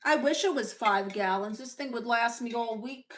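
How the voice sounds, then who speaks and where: In character as a loud, opinionated Latina aunt, a Brooklyn-accented woman reads chat comments on a comedy livestream and answers with sassy, blunt comebacks. She speaks at a normal pace in a slightly high voice, acting it lightly.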